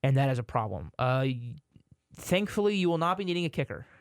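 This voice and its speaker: A man's voice: mid-range voice, very animated, quick pace, smooth, dry recording, studio quality. A man, co-hosting a sports podcast in casual chat, rambling and correcting himself, sometimes exasperated.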